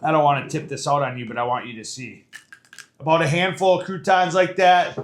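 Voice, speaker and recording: A man's voice: on the high side, steady tone, a little fast, reverberant. A man hosting a casual home cooking show, chatting folksily through each step from his kitchen with plenty of fillers.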